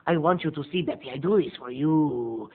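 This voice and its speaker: A man voicing an obsessive male killer in a slow, menacing whisper, on a tinny lo-fi recording. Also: fairly high pitch, husky.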